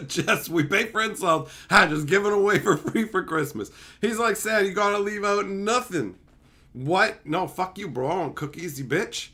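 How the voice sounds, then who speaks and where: A man's voice: high-pitched, animated, a little slow, bright, forceful tone. A man from Canada hosting a live stream, telling stories in casual, profane chat and laughing often.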